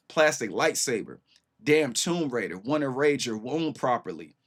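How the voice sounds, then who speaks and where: A man in his thirties giving casual reaction commentary as host, excitable and slangy, swearing freely and talking straight to his viewers. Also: mid-range voice, normal speed.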